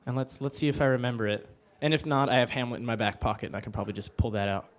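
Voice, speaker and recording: A man's voice: mid-range voice, fairly even intonation. Rambling, joking man at an open mic. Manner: rambling, self-deprecating, with quick asides. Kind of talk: joking stage banter. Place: bookstore open mic, live. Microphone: handheld mic, then a mic stand.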